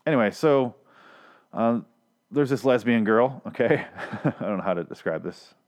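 A man's voice: medium pitch, lively intonation, moderate pace. Profane ranting man recapping a show. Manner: profane, ranting, rambling with restarts; self-deprecating asides. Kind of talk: casual episode recap.

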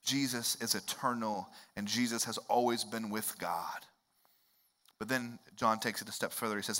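A man, preaching a sermon in a conversational way that swings up into loud, emphatic rises. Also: on the low side, steady tone, normal speed. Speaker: pastor.

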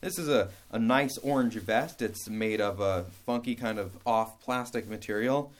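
A man's voice: fairly low pitch, moderate pace. A man giving a casual spoken lesson in a rambling, playful way, stumbling over words and humming little scat sounds.

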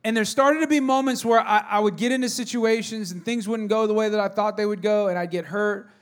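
A man in his thirties preaches a sermon in a casual, storytelling way. His voice sits high for a man, and he often restarts his sentences as he talks. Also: fairly even intonation, a little fast. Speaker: pastor.

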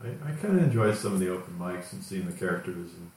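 A man's voice: sits low, expressive, fast, darkish tone. A middle-aged man, a father and guest, chatting with dry, self-deprecating humor. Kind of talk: casual comedy chat. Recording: distant mic in echoey room.

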